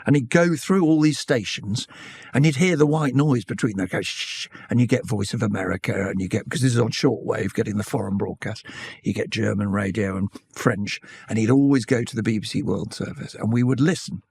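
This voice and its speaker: A British man in his sixties, an interview guest telling candid stories from his life in a measured, reflective way. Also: on the low side, creaky, a little mellow, husky, dry recording, clean studio sound. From Britain. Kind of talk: reflective conversational storytelling.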